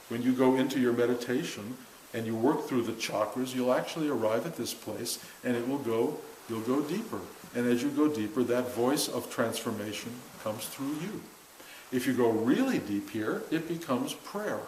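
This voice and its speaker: Animated man giving a spiritual talk. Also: medium pitch, moderate pace. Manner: animated, acts out quoted voices, laughs. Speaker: spiritual teacher. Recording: echoey room with faint hiss.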